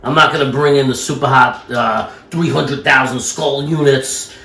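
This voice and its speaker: A man's voice: mid-range voice, steady tone, normal speed, sharp tone. A man chatting casually in a rambling, self-amused way while cooking at home. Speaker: home cook vlogger. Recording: echoey room.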